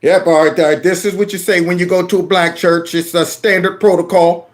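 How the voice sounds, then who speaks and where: A man's voice: sits high, flat delivery, fairly quick. A man hosting his own channel, giving mocking political commentary on video clips with sudden squeals and laughs. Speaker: channel host.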